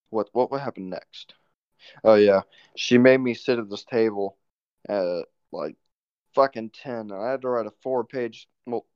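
A young man tells a long, rambling story full of swearing, relaxed and unhurried, at an ordinary pitch. The sound is dull and lo-fi and dry, as if recorded close in a small dead space. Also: smooth, no echo. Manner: rambling, profane, laid-back. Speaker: podcast host. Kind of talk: casual storytelling.

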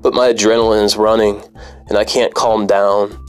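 Brief: low-pitched male storyteller, wry and profane, faint music underneath. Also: flat delivery, moderate pace, clear, resonant tone. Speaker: former cab driver. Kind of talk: personal story narration.

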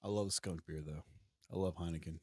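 A man's voice: sits low, steady tone, fairly quick, mellow, breathy edge, dry recording, clean studio sound. A man co-hosting a casual podcast, blunt and crude. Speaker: co-host. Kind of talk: casual chat.

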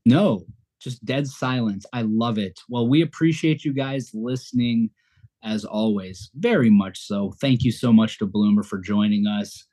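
A man's voice: on the low side, measured pace, mellow. A middle-aged man hosting a podcast in casual chat, laughing at himself and rambling. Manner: laughing, self-deprecating, rambling with fillers. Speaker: podcast host.

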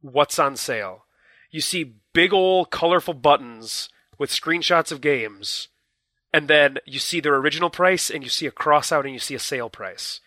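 A man's voice: a little high, moderate pace, sharp tone, dry recording. A man co-hosting a gaming podcast, explaining his points emphatically with hesitant restarts. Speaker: podcast co-host. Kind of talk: casual chat.

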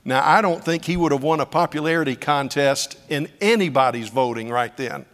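A middle-aged man preaching a sermon, telling stories with dramatic swings from hushed tones to loud cries. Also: a little high, brisk, in a large hall.

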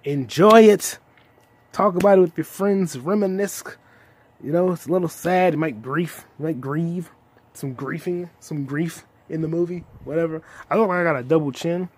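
A young man with a somewhat high, husky voice hosts a solo comedy podcast. He talks in a loose, profane rant that jumps into loud shouts without warning. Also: moderate pace.

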